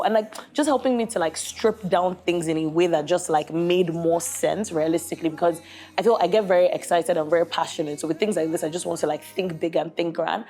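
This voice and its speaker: A woman's voice: lowish voice, a little fast, soft background music. A young woman from Nigeria, a guest, telling a story in casual chat with lots of "like" and "literally". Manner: animated storyteller who often says "like" and "literally". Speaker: guest bride.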